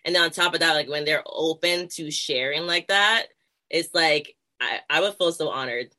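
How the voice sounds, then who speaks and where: A woman's voice: deep voice, moderate pace, bright, forceful tone. A woman guest on a podcast, talking in an eager, chatty way about her own show. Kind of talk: casual podcast chat.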